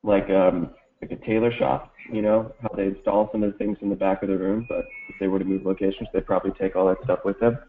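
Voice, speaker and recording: A lower-voiced man answers exam questions in a relaxed, hesitant way, trailing off and circling back. His voice comes through thin and narrow, like over a phone line. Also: quick pace, few pauses, a little hiss or hum. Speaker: exam student. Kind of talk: casual tutoring Q&A.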